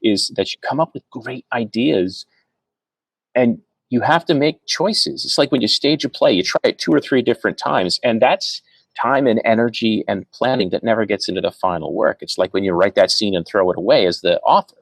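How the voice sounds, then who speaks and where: Measured low-voiced man narrator, dry. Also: gravelly, no room sound, poor audio. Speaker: audiobook narrator. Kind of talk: casual podcast chat.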